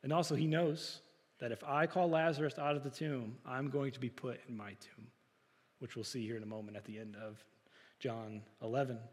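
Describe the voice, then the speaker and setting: A man's voice: mid-range voice, steady tone, moderate pace, long reverb tail. A man preaching a sermon, talking to the congregation in a conversational way with rhetorical questions. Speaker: pastor.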